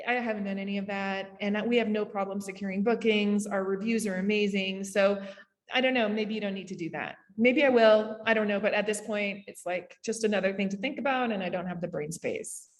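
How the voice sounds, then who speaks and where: A woman with a Canadian accent gives a casual summit talk over a video call, with quick asides and lots of fillers. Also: mid-range voice, big-room sound. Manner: chatty, rapid asides, frequent fillers. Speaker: summit speaker on short-term rentals. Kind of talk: casual presentation.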